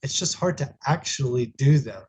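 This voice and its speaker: A man's voice: mid-range voice, moderate pace, a little mellow. Earnest man telling a family story. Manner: earnest, reflective, frequent restarts. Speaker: podcast guest. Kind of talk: casual conversational storytelling.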